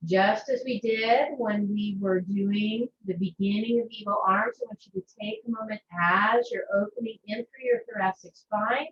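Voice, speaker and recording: Over a video call, a woman leads a yoga class with slow, gentle and calming directions in an expressive, medium-pitched voice. She seems far from the microphone in an echoing room, and the sound is muffled with faint background noise.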